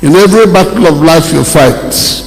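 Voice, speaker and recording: Pastor, male, emphatic sermon delivery, gravelly voice, long hall reverb. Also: on the high side, animated. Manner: slow, emphatic preaching with rising exclamations.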